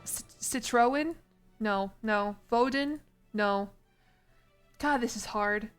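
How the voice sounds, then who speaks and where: A woman's voice: a little high, slow, faint music behind. A young woman streaming a game, talking casually and laughing at her own mistakes, often apologizing. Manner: self-deprecating, laughing, apologetic. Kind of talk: casual live-stream commentary.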